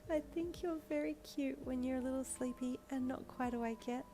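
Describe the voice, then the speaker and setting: A woman voicing a sweet, shy young fairy girl in a high, soft, breathy voice. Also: normal speed, faint music behind, lightly acted. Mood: dreamy.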